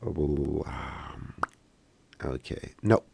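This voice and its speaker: Low gravelly man. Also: lively intonation, extremely slow, darkish tone. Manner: casual, joking, hesitant with many fillers. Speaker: software instructor. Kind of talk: live-streamed tutorial Q&A.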